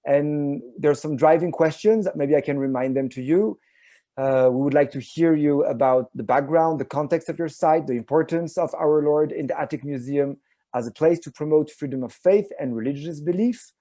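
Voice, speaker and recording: A man moderating an online panel on a video call. He pauses often and fills the gaps with many "uh" and "um" sounds. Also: on the high side, dark tone, dry recording. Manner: hesitant, many filler sounds.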